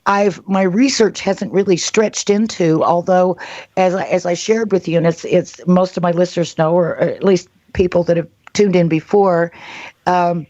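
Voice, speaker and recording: A woman from Oklahoma hosting a radio talk show, her voice hoarse and scratchy, rambling with many fillers and restarts. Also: lowish voice, fairly even intonation, normal speed, mellow, no room sound, dull audio. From Oklahoma, USA. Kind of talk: casual radio interview chat.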